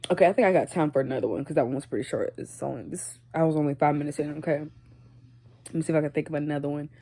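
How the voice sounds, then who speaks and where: Young woman vlogger, slightly low voice, chatty and animated storytime delivery. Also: rapid-fire, a little hiss or hum. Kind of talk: casual storytime.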